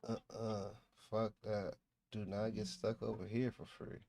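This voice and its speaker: Man ranting with loud, profane jokes. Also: on the low side, level tone, measured pace, gravelly. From Ohio. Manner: loud, profane, joking rant. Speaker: stream host. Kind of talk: casual livestream chat.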